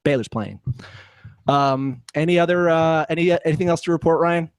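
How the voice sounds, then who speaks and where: A man's voice: fairly high pitch, brisk, smooth. A man hosting a chatty live call with a slightly raised voice. He tells stories in a crude, joking way. The sound is close and dry, with no room echo. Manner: crude, joking, animated storyteller. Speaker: podcast host. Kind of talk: casual chat on a live video call.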